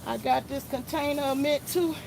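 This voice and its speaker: A high-pitched woman talks casually to her viewers as she works outdoors in her garden, a little winded from the effort. She is recorded on a phone, with a faint hum of traffic and outdoor noise behind her. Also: fairly even intonation, moderate pace, vocal fry. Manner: chatty, talks to viewers as "y'all" while spraying plants. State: slightly out of breath. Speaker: gardening vlogger. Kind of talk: casual narration while gardening.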